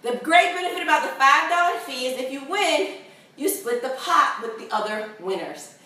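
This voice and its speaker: A woman's voice: high voice, expressive, moderate pace, pushed and bright. A woman fitness instructor leading a home workout video, upbeat and encouraging, a bit out of breath. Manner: upbeat, encouraging, laughs often. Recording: echoey room, far from the mic.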